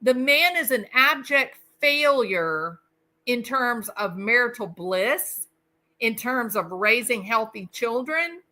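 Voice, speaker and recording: A woman's voice: on the high side, expressive, slow, sharp tone. A woman hosting a casual commentary, talking in an indignant, emphatic way and repeating words for stress. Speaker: host.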